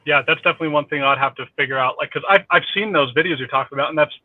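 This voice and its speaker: A maintenance worker chatting casually, excitable and swearing freely. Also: male voice, on the high side, racing, no room sound, phone-quality sound. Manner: excitable, profane. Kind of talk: casual chat.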